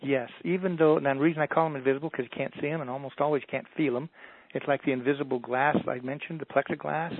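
A man telling stories as a motivational speaker in a radio interview, in a folksy, animated way. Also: mid-range voice, fast, no room sound. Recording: dry, tinny phone line.

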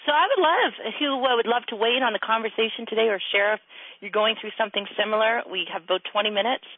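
A woman's voice: on the high side, quick pace, no room sound. A woman hosting a call-in radio show, telling a candid family story with lots of laughter and acted-out quotes. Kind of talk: casual call-in radio chat. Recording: tinny phone-line sound, dry.

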